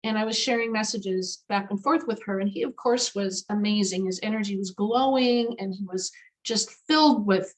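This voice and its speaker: A woman, a guest animal communicator, telling a story in an interview in an emphatic, lively way with many fillers. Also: mid-range voice, moderate pace, poor audio.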